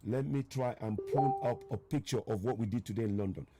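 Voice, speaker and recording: A man's voice: on the low side, a little fast, loud music behind the voice. A man hosting a live online broadcast, talking emphatically and repeating rhetorical questions to his viewers. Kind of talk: live online commentary with callers.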